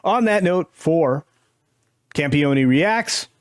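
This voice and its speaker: A man hosting a casual panel chat, earnest and halting, often restarting his sentences. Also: a little high, lively intonation, clear, resonant tone, no room sound, clean studio sound. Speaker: host.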